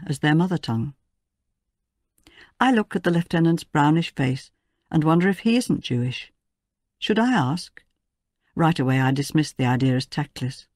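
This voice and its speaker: A woman narrating a first-person memoir in a measured, quiet audiobook reading. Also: low voice, no room sound, clean studio sound.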